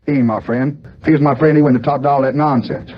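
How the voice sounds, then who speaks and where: A man's voice: medium pitch, fairly even intonation, fast, dull audio, close to an everyday voice. A man playing a blustering older politician, talking in a folksy, rambling, agitated way.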